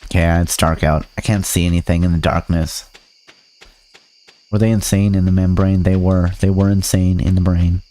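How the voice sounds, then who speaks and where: A man's voice: deep voice, little pitch movement, normal speed, mellow. A man streaming a farming game, chatting to viewers in a goofy, rambling way with silly sing-song bits. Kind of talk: casual gameplay commentary.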